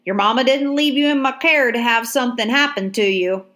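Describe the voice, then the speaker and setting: A woman's voice: on the high side, brisk, fairly bright tone, pitched above the performer's own voice, lightly acted. A woman reading an audiobook, voicing a wary grown man who speaks firmly and protectively. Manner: firm, guarded. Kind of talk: audiobook character voice.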